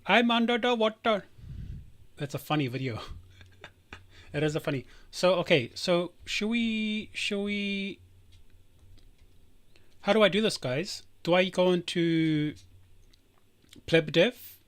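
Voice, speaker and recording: A man's voice: high voice, takes it slowly, long pauses. A man hosting a live stream, chatting casually in a rambling way that keeps breaking off and restarting. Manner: rambling, self-interrupting.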